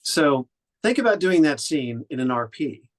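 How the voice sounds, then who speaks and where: A man's voice: a little high, sing-song, moderate pace. A man from Oklahoma, an audiobook narrator and director, giving conversational feedback with frequent restarts. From Oklahoma, USA. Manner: thoughtful, with frequent restarts and fillers.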